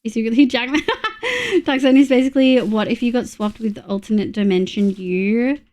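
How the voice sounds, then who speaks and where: A woman's voice: a little high, lively intonation, moderate pace, a little mellow. A young Australian woman streaming live, chatting casually and bluntly with her chat while she plays, greeting viewers and humming as she builds.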